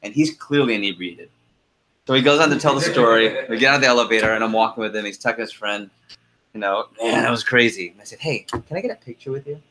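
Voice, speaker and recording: A middle-aged man leading a team conference call, telling a lively story with laughs and then going through the agenda. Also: on the low side, fast, a little hiss or hum.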